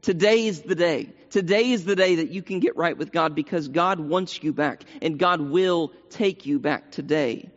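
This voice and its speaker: A high-pitched man delivers an earnest sermon, circling back over his words to drive them home. His voice carries a long hall echo from the church sanctuary, and the sound is dull and lo-fi. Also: moderate pace, hardly any pauses. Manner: earnest, repeats phrases for emphasis. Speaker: preacher.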